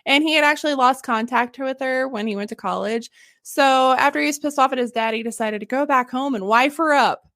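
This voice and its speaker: A high-voiced woman hosts a casual history podcast, telling the story in an animated, joking style while laughing and swearing. She speaks fairly quickly, and the sound is dry and close with no echo.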